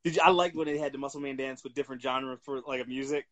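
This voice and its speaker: A man's voice: mid-range voice, quick pace, a crowd in the background. A man co-hosting a wrestling podcast in casual chat, swearing freely and laughing through his stories. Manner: profane, laughing, animated storyteller. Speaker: podcast co-host.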